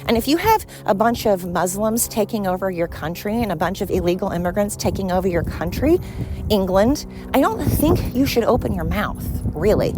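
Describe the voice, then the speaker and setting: A woman's voice: mid-range voice, expressive, moderate pace, background noise. A woman from the United States hosting a solo podcast, ranting bluntly with frequent swearing. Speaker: podcast host. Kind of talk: opinionated solo podcast monologue.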